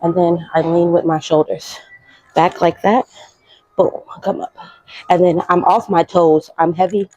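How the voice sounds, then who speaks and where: A woman's voice: lowish voice, steady tone, moderate pace, warm tone, dry recording, dull audio. A young woman casually explaining her workout routine while exercising, chatty and out of breath. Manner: chatty, coaching, slangy. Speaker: fitness vlogger.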